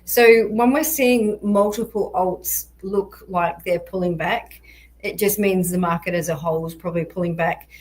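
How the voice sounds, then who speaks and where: A woman walking through crypto price charts in a measured, explanatory way, with frequent ums and a voice that is going hoarse. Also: on the low side, fairly even intonation, darkish tone, low-quality recording. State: voice going hoarse, occasional coughs. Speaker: crypto market analyst. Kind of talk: chart analysis walkthrough.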